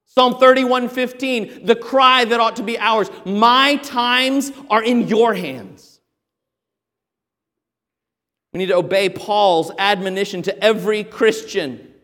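Male pastor, high voice, emphatic sermon, long hall reverb. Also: a little slow. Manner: emphatic preaching with sudden loud exhortations.

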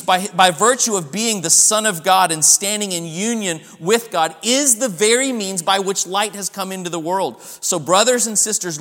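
A man's voice: high voice, fairly bright tone, in a large hall. A man preaching a sermon, emphatic, pressing his points with rising stresses. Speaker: pastor.

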